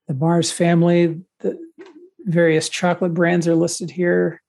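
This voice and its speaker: A man's voice: a little high, monotone, a little slow, gravelly, darkish tone. A man co-hosting a podcast, bantering casually during a game in a playful, teasing and gloating way. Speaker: podcast co-host.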